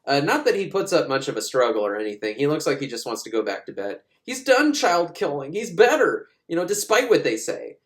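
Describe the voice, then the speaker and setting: A man's voice: a little high, sing-song. A man sarcastically recapping a film in casual talk, swearing and jumping into voices of the characters. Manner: sarcastic, swearing, acts out lines in quick put-on voices. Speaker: movie recapper.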